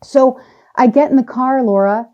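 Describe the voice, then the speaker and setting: A woman guest on a podcast recounts a personal experience with lively emphasis and shifting pace. Her voice is mellow and warm, never sharp. The audio is a little dull and lo-fi. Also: sits high. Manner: animated, emphatic, speeds up and slows down for effect. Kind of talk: personal storytelling in conversation.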